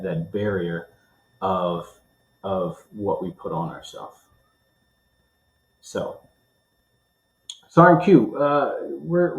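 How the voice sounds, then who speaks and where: A man hosting a podcast interview, affirming his guest and asking open, searching questions in an animated, casual way. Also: on the low side, roomy sound, lo-fi sound. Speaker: podcast host.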